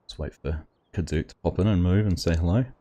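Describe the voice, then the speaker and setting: Deep, mellow-voiced man hosting a stream. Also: fast. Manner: chatty, greets viewers by name. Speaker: livestream host. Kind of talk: casual livestream chat while gaming.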